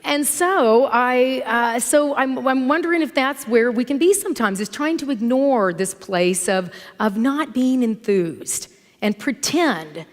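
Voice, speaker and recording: A middle-aged woman minister giving a sermon in a church, telling stories in an animated, conversational way. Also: fairly high pitch, a little slow. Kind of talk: sermon with storytelling. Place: church sanctuary. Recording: long hall reverb from church.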